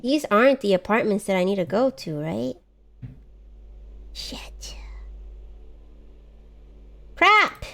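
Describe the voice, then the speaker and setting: A woman's voice: mid-range voice, expressive, brisk, gravelly, few pauses. A woman streaming a video game live, chatting casually and mocking herself as she gets lost. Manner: chatty, self-mocking, exclamatory. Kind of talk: casual live gameplay chat.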